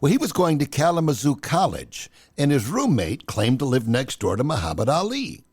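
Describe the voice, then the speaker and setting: Gravelly older man telling stories. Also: medium pitch, normal speed. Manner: animated, chatty storyteller. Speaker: storyteller. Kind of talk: casual personal storytelling.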